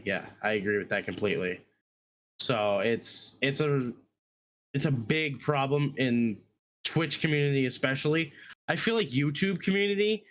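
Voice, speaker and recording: Earnest man, halting podcast talk. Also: medium pitch, a bit bright. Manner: earnest, halting, restarts phrases. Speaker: streamer and podcast co-host. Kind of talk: casual podcast chat.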